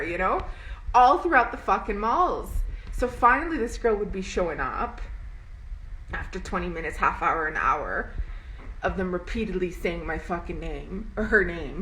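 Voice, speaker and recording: A woman's voice: mid-range voice, a bit bright, slight background noise, poor audio. A young adult woman vlogging to camera, telling a personal story in a rambling, emotional way with some swearing.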